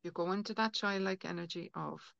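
This guest healer on a podcast has a fairly low, slightly bright voice with vocal fry and a fairly quick delivery. She chats earnestly and casually, voicing inner thoughts as she explains. The recording is dry, dull-sounding lo-fi.

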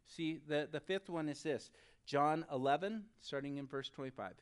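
A pastor preaching a sermon who speaks straight to the congregation and swings between loud, urgent stretches and soft, quiet ones. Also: medium pitch, moderate pace, clear, resonant tone. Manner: addresses the audience directly.

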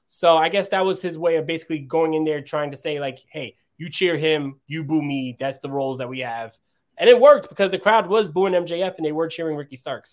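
A man in a casual talk show, explaining his views steadily with many fillers like "you know". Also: on the high side. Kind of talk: casual chat.

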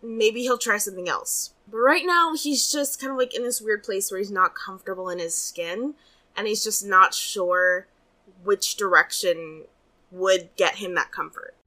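A woman's voice: mid-range voice, moderate pace, pushed and bright. A woman casually musing about her game character, hesitant and thinking aloud. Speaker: tabletop player.

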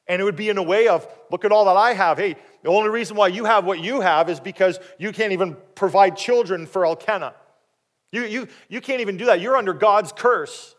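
A man preaching a sermon, animated and dramatic, acting out the people in the story and dropping quiet for questions to the listeners. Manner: animated, acting out quoted voices with big swings in pitch and loudness. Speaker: pastor.

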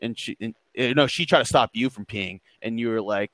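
A man's voice: mid-range voice, brisk, hardly any pauses, fairly bright tone, dry recording. A young man hosting a casual podcast, rambling through stories with lots of fillers and restarts. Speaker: podcast host.

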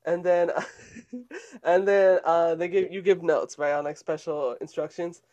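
A young man, co-hosting a casual chat and telling animated stories with frequent laughs. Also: a little high, a little slow. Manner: animated storyteller, laughs often. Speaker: podcast co-host.

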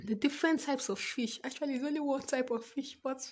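High and quick, the voice belongs to a young woman from Nigeria speaking Nigerian-accented English. She vlogs casually, rambling between thoughts, laughing and swearing frequently.

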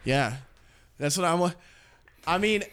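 A man's voice: a little high, expressive, a little slow, a bit bright. A young man co-hosting a podcast, rambling and swearing in casual banter with frequent laughs. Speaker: podcast co-host.

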